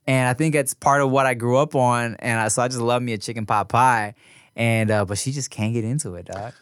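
A man in his thirties chats on a podcast in a loose, slangy way, laughing along as he talks. His voice sits at a middle pitch. The sound is close and dry, with no room around it. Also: steady tone, fairly quick, smooth, no echo. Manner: laid-back, slangy, laughs often. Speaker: podcast co-host. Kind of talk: casual chat.

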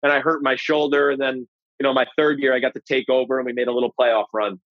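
A man in his forties, a former pro quarterback, casually telling a draft story with animated, profane energy. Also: medium pitch, fast, no room sound, highs cut off. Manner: animated, profane, acts out quoted voices. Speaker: former NFL quarterback, podcast guest.

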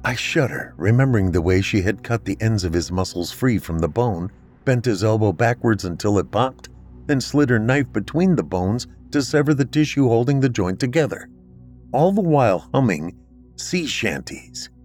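A man with a lowish voice reads a scripted horror tale in a measured, grave way. Soft music sits faintly under his narration. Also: lively intonation. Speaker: podcast narrator.

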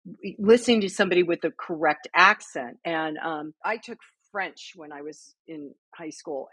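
A middle-aged American woman chatting casually on a podcast, telling animated stories and acting out what people said. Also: fairly low pitch, husky, no room sound. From United States. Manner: animated storyteller, acts out quotes. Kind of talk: casual chat.

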